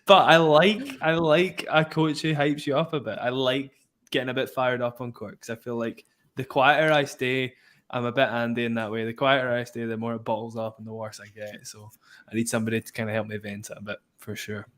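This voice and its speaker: A man's voice: medium pitch, fairly quick. Guy doing laid-back live tennis commentary, chatty, cuts in with score updates. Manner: relaxed, chatty, breaks off to give score updates. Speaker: podcast host and match commentator.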